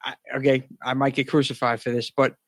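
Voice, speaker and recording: A man's voice: medium pitch, little pitch movement, brisk, a bit bright, dry recording. Laid-back man in casual wrestling chat. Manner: laid-back, says "man" a lot, laughs easily. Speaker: podcast co-host.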